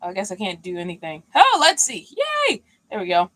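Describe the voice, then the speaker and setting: A woman's voice: lowish voice, sing-song, brisk, bright, forceful tone, rough recording. A worn-out woman chatting casually and loosely on a livestream from inside the box truck she lives in. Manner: easygoing, chatty, loose and unscripted. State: mentally worn out. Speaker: vanlife vlogger hosting a livestream. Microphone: streaming mic, at times leaning away from it.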